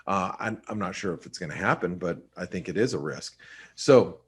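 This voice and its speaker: A man's voice: low-pitched, animated, moderate pace, slightly rough. A man giving casual, rambling market commentary on a webinar, with many restarts and fillers. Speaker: market analyst co-host.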